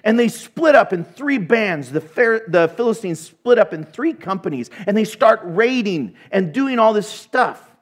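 A man preaching a sermon, retelling a story in an animated way with humorous asides. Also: high voice, a little slow.

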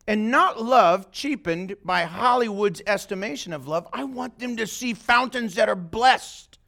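A man's voice: high-pitched, fairly bright tone. A man preaching an informal sermon to a small group, talking conversationally and often asking his listeners questions. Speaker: pastor. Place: church meeting room, live-streamed.

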